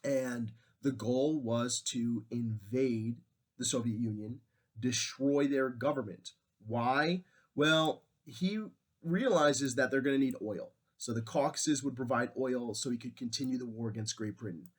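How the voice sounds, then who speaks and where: A man's voice: medium pitch, unhurried. A male history teacher giving a casual lecture. He talks conversationally in a mid-range voice, with plenty of fillers as he explains.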